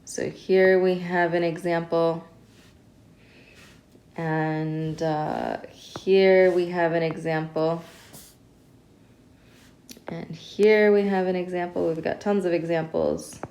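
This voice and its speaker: A woman's voice: fairly low pitch, a little mellow, slight background noise. Patient woman teaching Arabic reading. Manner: patient, step-by-step explaining with slow, careful pronunciation drills. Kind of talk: recorded lesson explaining reading practice.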